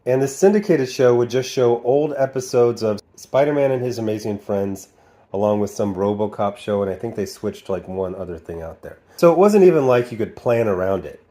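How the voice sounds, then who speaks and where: A man's voice: lowish voice, fairly quick, warm tone. A man in his forties from the Midwestern United States giving casual video commentary, sarcastic and prone to mocking, exaggerated voices when he quotes. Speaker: video reviewer.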